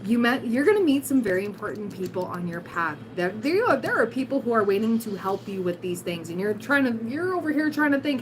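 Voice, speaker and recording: A woman with a raspy, hoarse voice giving a casual livestream tarot reading, blunt and encouraging with giggly asides. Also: on the high side, lively intonation, brisk, slight background noise, low-quality recording. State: hoarse, voice recovering. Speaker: tarot reader, livestream host.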